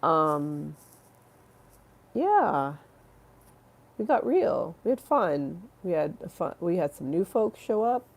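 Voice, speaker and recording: A young woman with a low, gravelly voice chats casually to her livestream viewers. She rambles with lots of fillers and restarts, and her tone stays affectionate. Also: sing-song, slow pace, long pauses. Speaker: livestream host.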